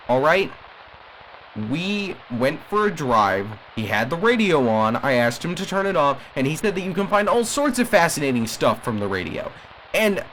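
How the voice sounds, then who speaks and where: A man plays an agitated caller in an audio drama who pleads the case of a troubled family to the listeners. He has a mid-pitched voice. His speech rambles with restarts and sudden emphatic pushes. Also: a bit bright, slight background noise, low-quality recording. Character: agitated male radio caller defending a cursed family.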